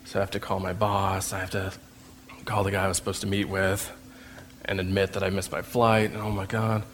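A man's voice: sits low, flat delivery, fairly quick, fairly bright tone, slight background noise. A man telling a personal faith story, acting out scenes and laughing at himself as he goes. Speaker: speaker sharing a faith testimony.

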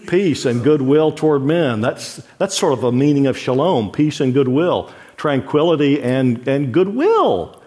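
A man's voice: medium pitch, expressive, measured pace, hardly any pauses, mellow. A middle-aged male pastor teaching a sermon in a conversational way, asking the listeners frequent questions and laughing lightly.

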